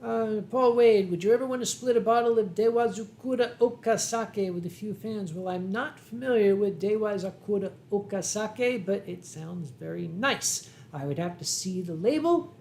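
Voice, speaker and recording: A man with a Philadelphia accent hosting a casual livestream from home, reading viewer comments in a dry, wry way and often clearing his throat. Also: high-pitched, normal speed, slight background noise. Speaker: livestream host. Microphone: desk microphone.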